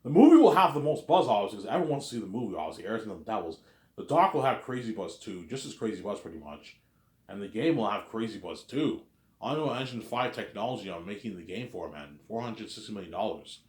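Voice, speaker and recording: Man, very deep voice, rambling casual monologue, repetitive, roomy echo. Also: sing-song, fast talker. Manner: repetitive, filler-heavy. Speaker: host.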